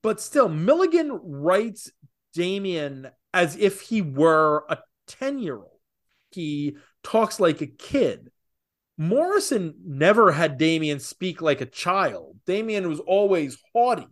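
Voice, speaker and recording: A man co-hosting a casual podcast, talking opinionatedly with rapid asides. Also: high-pitched, very animated. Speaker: podcast co-host. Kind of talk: casual comics podcast chat.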